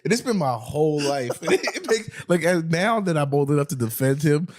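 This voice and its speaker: A man's voice: a little high, no echo, clean studio sound. A young man co-hosting a podcast in casual chat, laughing often and stopping and restarting as he tells stories. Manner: lively, laughing, halting and repeating words. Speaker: podcast co-host.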